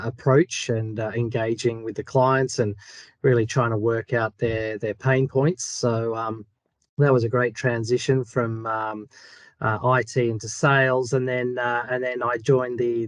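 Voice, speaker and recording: A man's voice: medium pitch, no room sound. An Australian man answers interview questions over a video call. He talks hesitantly, with many ums and restarts. The sound is dry and close. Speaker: guest.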